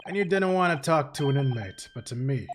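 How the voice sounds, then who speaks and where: A man voicing a gruff, suspicious Scottish male prison governor in a hostile, threatening brogue, reading game dialogue aloud. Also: mid-range voice, lively intonation, brisk, slight background noise, natural voice.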